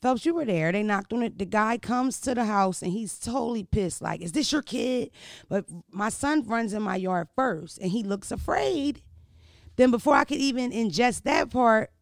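Gravelly thirtysomething woman vlogging, swears a lot, keeps going "you know what i mean". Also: on the high side, moderate pace, dry recording, clean studio sound. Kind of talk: casual storytelling chat.

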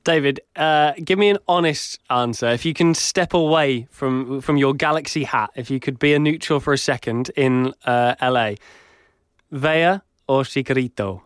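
A man's voice: mid-range voice, moderate pace, no echo, studio quality. A man hosting a casual interview, asking questions in a friendly, conversational way. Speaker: host.

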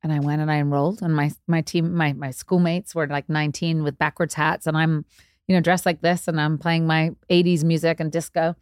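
A woman talks candidly and with self-deprecating humor, her voice sitting on the lower side. She acts out quotes with sudden leaps in pitch. The close mic sounds dry, with no room around her. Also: level tone, brisk, no room sound. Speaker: DJ and interview guest. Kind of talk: candid storytelling interview.

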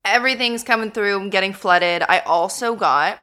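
Bright-voiced young woman, earnest guest. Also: mid-range voice, moderate pace. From United States. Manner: earnest, emotional storytelling. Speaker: podcast guest. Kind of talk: casual interview chat.

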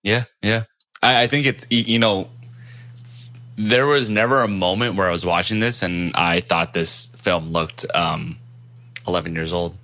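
A man with a very low voice and a bright, forceful edge adds measured, analytical points to a casual film chat. He readily agrees with his co-host. The sound is dry and close. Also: dry recording. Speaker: podcast co-host.

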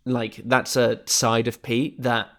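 A man with a mid-range voice co-hosting a casual podcast. He recaps a film's plot in a relaxed way, dropping wry, candid asides as he goes. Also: medium pitch, slow. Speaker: podcast co-host. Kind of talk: casual film discussion.

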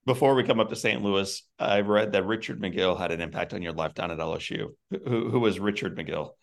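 A man's voice: sits low, brisk, vocal fry. A man hosting an interview, affirming his guest and asking open questions. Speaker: interviewer, host. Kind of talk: conversational interview.

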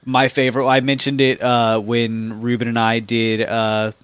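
Man, young adult, chatty and rambling, smooth resonant voice, dry close sound. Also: medium pitch, flat delivery, unhurried, fairly bright tone, no room sound. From Florida. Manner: chatty, rambling, swears casually. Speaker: podcast co-host. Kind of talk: casual chat.

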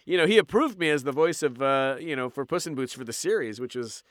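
A Canadian voice actor, appearing as an interview guest, chats animatedly and fast in a medium-pitched voice, sharing stories from the recording booth and slipping into impressions. The casual conversation is captured in clean studio sound with no echo.

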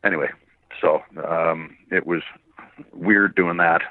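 A man's voice: low-pitched, steady tone, slow, dry recording. A man from Canada, a voice actor guest, telling rambling anecdotes with frequent chuckles in a casual interview. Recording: tinny phone-like line, dry.

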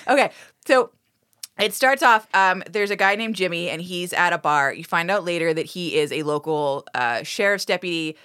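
A woman's voice: fairly low pitch, animated, normal speed, sharp tone, clear, resonant tone. A woman co-hosting a podcast, recapping a TV episode in casual chat; she giggles often, talks animatedly and swears freely. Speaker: podcast co-host.

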